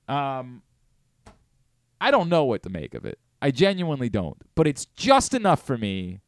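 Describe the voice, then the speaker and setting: A man's voice: mid-range voice, wildly swooping pitch, moderate pace, no room sound. A man hosting casual sports talk radio, rambling and self-deprecating, on a studio microphone.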